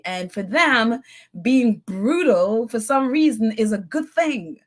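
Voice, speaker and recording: Chatty high-voiced woman hosting a live chat. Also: lively intonation, takes it slowly. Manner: chatty and opinionated, laughs often. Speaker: host. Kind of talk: live-stream chat reading viewer comments.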